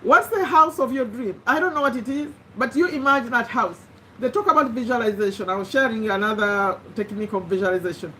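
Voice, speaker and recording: A woman's voice: fairly high pitch, brisk, bright, forceful tone, slight background noise. A woman hosting a motivational live stream, speaking in an earnest, encouraging way, repeating phrases and often restarting sentences.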